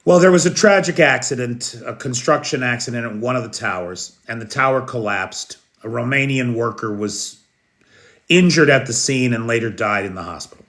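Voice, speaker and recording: A man's voice: medium pitch, expressive, moderate pace, fairly bright tone. An American man hosting a live news show, talking casually, greeting viewers by name and commenting on the day's events. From United States.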